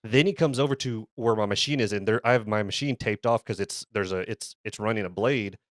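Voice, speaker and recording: A man with a lowish voice spins a casual story on a podcast, heated and full of swearing. He stumbles, restarts and repeats words as he gets going. The sound is close and dry, with no room around it. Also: brisk, no echo. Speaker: podcast co-host.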